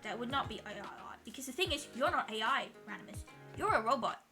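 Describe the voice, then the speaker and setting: A woman's voice: fairly high pitch, animated, fast, bright, forceful tone, faint music behind. A woman streamer chatting casually with her viewers while she draws, swearing freely and laughing often.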